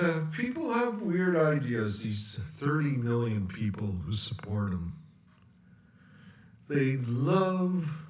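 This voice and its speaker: Man, slow rambling sarcastic rant, echoey room, sitting back from the mic. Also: medium pitch, distant mic. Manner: rambling, sarcastic, with long pauses. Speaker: political commentator. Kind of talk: political rant vlog.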